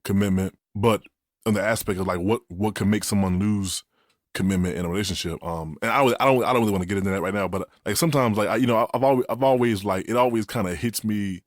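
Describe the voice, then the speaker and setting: A man's voice: lowish voice, no room sound, clean studio sound. A young man co-hosting a podcast, chatting casually in a laid-back way. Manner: laid-back, quick interjections and laughter. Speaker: podcast co-host. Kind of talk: casual conversation.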